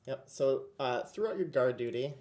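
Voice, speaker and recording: Man, game master, chatty, relaxed, lots of fillers, tabletop narration. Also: medium pitch, normal speed.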